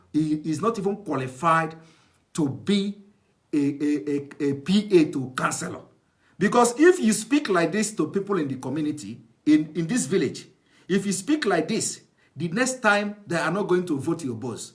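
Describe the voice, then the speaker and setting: A man's voice: sits high, fairly bright tone. A man giving heated political commentary, scornful, repeating phrases and firing rhetorical questions at his viewers. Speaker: online show host commenting on a TV clip.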